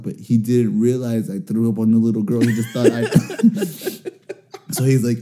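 A man's voice: mid-range voice, animated, a little slow, pauses often, mellow. A young man telling a crude, self-mocking story in a casual chat, swearing freely.

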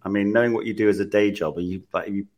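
Male co-host, lowish voice, dry teasing banter. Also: fairly even intonation, quick pace, darkish tone. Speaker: podcast co-host. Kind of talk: casual chat.

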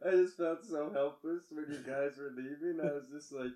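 A young man in casual chat with friends, telling a self-deprecating story slowly with many repeats. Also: fairly high pitch. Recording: loud crowd noise behind.

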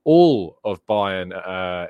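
A man's voice: low-pitched, expressive, very slow, clear, resonant tone, no room sound, lo-fi sound. A man hosting a daily football news show, chatting casually through fixtures and reading out viewers' questions, with frequent ums and uhs.

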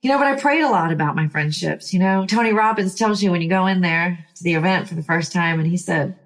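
Woman life coach, lower voice, emphatic and sighing, motivational personal story. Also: fast. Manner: emphatic, sighing, fired-up bursts.

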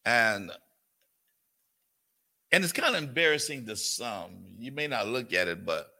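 This older man, a pastor, has a mid-range, expressive voice that sounds gravelly, pushed and bright, and he keeps a measured pace. Leading a folksy Bible study sermon, he calls on listeners and slips into a cooing grandparent voice.

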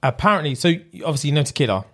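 A man's voice: on the high side, big pitch swings, rapid-fire, a bit bright. A young man, co-hosting a podcast in casual chat and telling a story loosely with slang and fillers. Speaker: podcast co-host.

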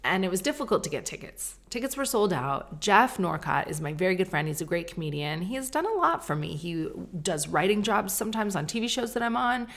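A woman's voice: lowish voice, sing-song, brisk, hardly any pauses, a bit bright. A middle-aged woman hosting a podcast, rambling through a self-deprecating, stream-of-consciousness monologue with casual swearing. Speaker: podcast host.

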